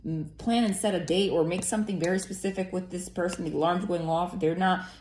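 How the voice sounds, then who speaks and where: A woman's voice: lowish voice, fairly even intonation, a little fast, a little mellow, slight background noise. A woman giving a casual tarot reading in a chatty, rambling way, full of fillers and casual swearing. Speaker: tarot reader. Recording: roomy echo.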